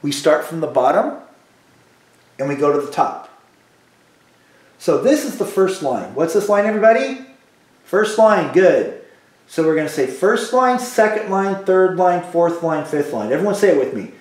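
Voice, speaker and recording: A music teacher drilling students through call-and-response practice, patient and repetitive. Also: male voice, high voice, sing-song, normal speed, roomy sound. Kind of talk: recorded music lesson for students.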